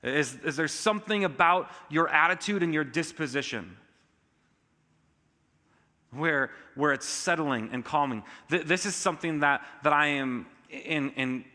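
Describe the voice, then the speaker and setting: A male pastor preaching a sermon in a church auditorium, emphatic, with sudden rises in pitch and loudness. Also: measured pace, long reverb tail.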